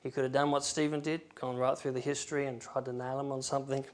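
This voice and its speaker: A man preaching a sermon in a church, reading scripture aloud with emphatic swings from loud to soft. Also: medium pitch, little pitch movement, fast talker. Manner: emphatic, rising and falling loudness, reads scripture aloud.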